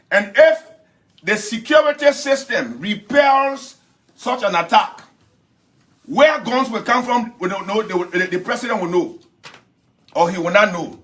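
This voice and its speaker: A man with a high-pitched voice makes a combative political speech on the air. He repeats words and trips over names as he pushes his points. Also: fairly bright tone. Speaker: political speaker on the radio.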